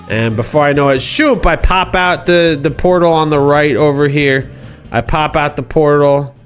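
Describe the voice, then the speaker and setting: A man's voice: a little high, moderate pace, faint music behind. Rambling man spinning a goofy tale. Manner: rambling, playful, self-interrupting. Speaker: streamer host. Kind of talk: improvised comic storytelling.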